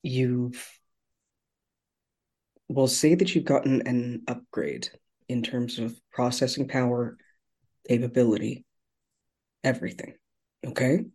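A man playing a tabletop game, speaking in character in a calm, reassuring way. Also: mid-range voice, takes it slowly, pauses often, husky. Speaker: player.

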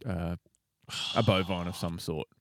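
A man's voice: deep voice, fairly even intonation, unhurried, no room sound, clean studio sound. A man, co-hosting a casual podcast, rambling and laughing often. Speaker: podcast co-host. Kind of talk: casual banter.

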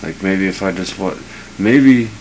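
A man's voice: low voice, unhurried, a crowd in the background, rough recording. A man co-hosting a casual podcast, joking and laughing a lot, with casual swearing. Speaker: podcast co-host. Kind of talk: casual chat.

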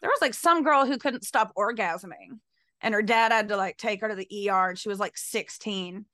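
A woman's voice: medium pitch, moderate pace, pushed and bright, dry recording, studio quality. A woman co-hosting a podcast, blunt and wry, swearing casually in chat. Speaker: podcast co-host, streamer.

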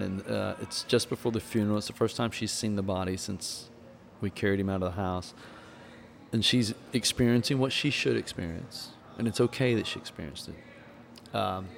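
In a candid talk about grief, a podcast host and onetime minister shares stories with preacherly earnestness. His lowish voice is creaky, and a little hiss or hum can be heard.

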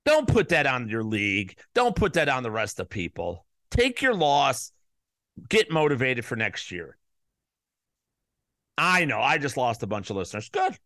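A man's voice: mid-range voice, very animated, normal speed, dry recording, clean studio sound. Profane, heated man ranting. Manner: profane, heated, jumps to loud peaks. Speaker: podcast host. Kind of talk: ranting solo podcast monologue.

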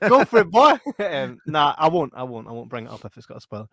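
A man's voice: fairly high pitch, sing-song, a little fast, a bit bright, no room sound, clean studio sound. A man co-hosting a live stream, chatting casually, laughing often and reading out comments. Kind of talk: casual chat.

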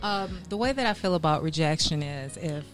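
A woman in casual chat, talking in an emphatic, self-assured way with drawn-out phrases. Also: deep voice, animated, faint music behind.

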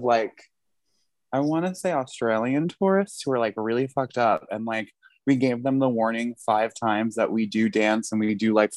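A laid-back podcast guest with a mid-pitched voice tells a story in a casual chat. The mic is close and dry, with almost no room sound. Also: dry recording.

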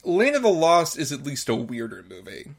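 A man's voice: fairly high pitch, wildly swooping pitch, normal speed, gravelly, husky. A man co-hosting a casual movie review podcast, offering wry, dry criticism with lots of fillers. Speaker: podcast co-host.

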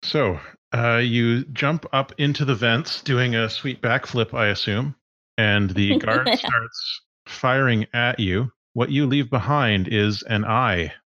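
A man narrating as game master in a tabletop game, relaxed and laughing along. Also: medium pitch, takes it slowly, no room sound, muffled recording.

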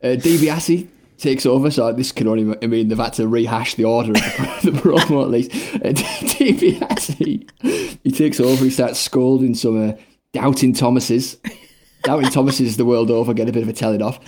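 A man's voice: medium pitch, expressive, normal speed, a little mellow, a little hiss or hum. Wry man recapping with sarcasm. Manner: wry, sarcastic, laughs while narrating. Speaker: podcast co-host recapping wrestling. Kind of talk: casual comedic recap chat.

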